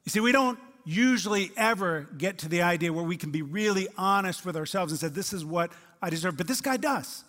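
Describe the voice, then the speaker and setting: A man preaching a sermon as pastor, animated and acting out the voices he quotes, swinging from loud to hushed. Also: high voice, fairly quick, few pauses. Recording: long hall reverb.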